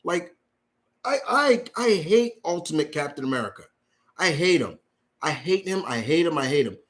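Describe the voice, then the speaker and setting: A man's voice: fairly high pitch, sing-song, moderate pace. Profane, heated man hosting a live stream. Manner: reads viewer chat questions aloud. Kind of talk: unscripted live-stream rant.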